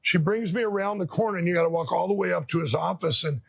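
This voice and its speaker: Gravelly, husky middle-aged man telling a story. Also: high voice, fast talker, no echo. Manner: rambling, restarts often, emotional retelling. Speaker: interview guest. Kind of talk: conversational storytelling.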